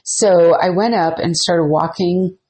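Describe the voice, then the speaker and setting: A woman's voice: lowish voice, takes it slowly. A woman hosting a podcast, casually telling a ghost story and acting out the quoted dialogue. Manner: animated, acts out quoted dialogue. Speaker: podcast host.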